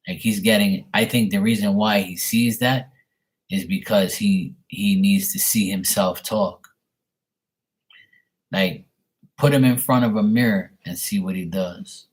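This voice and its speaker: A young man doing a live tarot reading on camera, relaying messages in a rambling way full of fillers. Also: lowish voice. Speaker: tarot reader. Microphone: webcam at desk.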